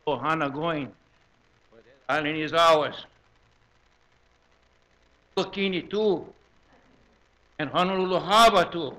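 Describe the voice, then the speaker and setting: A man in his seventies with a Hawaiian Pidgin English accent, giving a lively, joking talk to a gathering and repeating words in quick bursts. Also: on the high side. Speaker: presenter at a community gathering.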